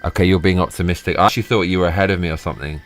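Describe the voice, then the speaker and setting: A man live streaming, ranting and swearing in excited bursts. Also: low-pitched, very fast. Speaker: livestreamer.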